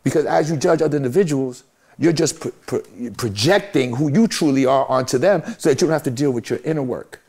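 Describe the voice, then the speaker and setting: A man's voice: mid-range voice, brisk, a little mellow. A middle-aged man, giving a candid interview in an emphatic, repetitive, motivational way. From Brooklyn, New York. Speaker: guest, music manager.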